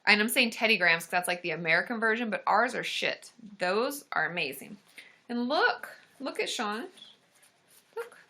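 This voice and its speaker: A woman therapist hosting a casual livestream, excitable and gushing, full of gasps and exclamations. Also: medium pitch, moderate pace. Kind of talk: casual live-stream chat.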